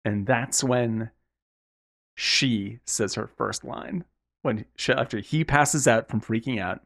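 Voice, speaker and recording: A man in casual film-podcast chat, talking at a middling pitch. He retells scenes with lively, animated energy and drops in acted-out lines. His delivery is loose and conversational, with some swearing. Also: slow pace, creaky. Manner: animated, acts out characters' lines mid-story. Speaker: podcast co-host.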